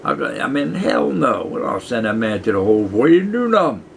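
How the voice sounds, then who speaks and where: Gravelly profane man in his sixties. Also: medium pitch, sing-song, quick pace, slight background noise, rough recording. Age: 60s. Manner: profane, meandering, chuckling. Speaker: retired prison guard telling stories. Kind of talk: rambling casual storytelling to camera.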